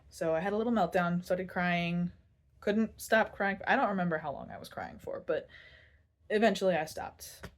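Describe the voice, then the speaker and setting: Candid young woman telling a personal story. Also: lowish voice. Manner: candid, self-deprecating, laughs now and then, rambling restarts. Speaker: vlogger.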